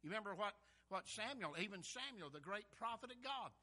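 A fervent male preacher with a drawl, his voice pitched very high and sharp. He repeats words and swells loudly on scripture and calls to the congregation. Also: lively intonation, brisk. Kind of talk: sermon.

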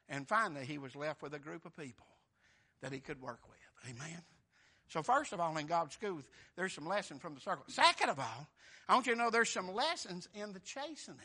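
Preacher guy, high bright voice, folksy, goes loud then soft. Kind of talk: sermon.

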